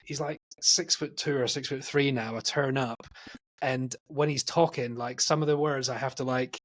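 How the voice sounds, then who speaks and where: A Scottish-born man hosting a podcast, with a light, softened Scottish accent, talking in a rambling, chatty way full of restarts. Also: mid-range voice, fairly even intonation, normal speed. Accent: light Scottish, softened by living in England. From Scotland. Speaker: podcast host. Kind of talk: casual interview chat.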